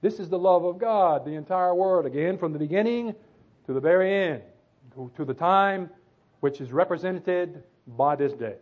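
Emphatic high-voiced male preacher, tinny sound. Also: lively intonation, normal speed. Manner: emphatic, repeats phrases for stress. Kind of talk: sermon with scripture reading.

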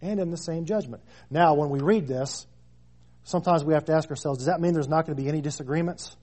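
A husky, mellow-toned man in his thirties delivers a sermon. He leans hard into key phrases, repeating them for weight, and sits a little higher in pitch than most men. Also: steady tone, quick pace. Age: 30s. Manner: preaching with rising emphatic stresses and repeated phrases. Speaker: preacher.

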